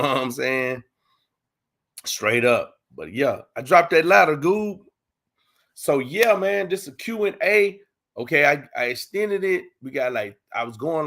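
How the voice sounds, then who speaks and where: A man's voice: mid-range voice, vocal fry, fairly bright tone. A man with a Texas accent hosting a casual livestream Q and A, talking loose street slang with lots of "you know what I'm saying". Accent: Texan. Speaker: livestream host.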